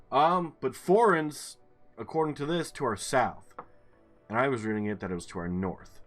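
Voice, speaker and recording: A man's voice: mid-range voice, fairly bright tone. A man hosting a gaming video, thinking aloud in casual commentary and swearing freely. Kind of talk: casual let's-play commentary.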